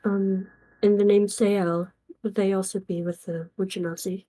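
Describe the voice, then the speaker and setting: Hesitant woman with a mellow voice. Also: medium pitch, level tone, moderate pace, poor audio. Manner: hesitant, apologetic, many fillers. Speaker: player voicing a tiefling character. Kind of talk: in-character tabletop role-play.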